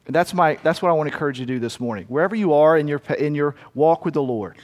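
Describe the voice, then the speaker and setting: An earnest male pastor, his voice a little high for a man, preaches a storytelling sermon at a racing pace and often restarts his phrases. The dull audio carries the long reverb of a church hall.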